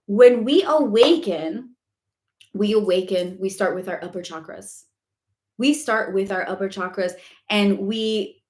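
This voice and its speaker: A woman's voice: medium pitch, unhurried, darkish tone. Chatty woman coach in a roomy space. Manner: chatty, emphatic, frequent "okay?" asides; candid and blunt, with casual swearing. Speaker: spiritual guidance coach. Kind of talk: live-stream Q&A talk.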